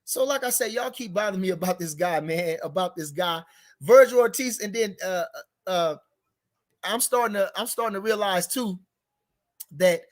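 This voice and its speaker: Man, high voice, speech, rambling boxing chat, repeats himself, heated. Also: normal speed. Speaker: boxing commentary show host. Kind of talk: casual unscripted boxing talk.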